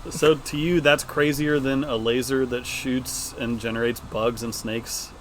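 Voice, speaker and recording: A man's voice: mid-range voice, steady tone, measured pace, slight background noise, low-quality recording. A young man co-hosting a casual podcast about movies, cracking jokes and laughing often. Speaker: podcast co-host.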